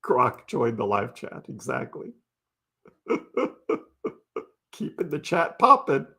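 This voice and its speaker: A man's voice: mid-range voice, sing-song, slow pace, vocal fry, bright, forceful tone, slightly rough. Laid-back man hosting a crypto live stream. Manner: chatty and laid-back, laughs often, talks to chat by name. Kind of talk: casual live stream chat, reading viewer comments.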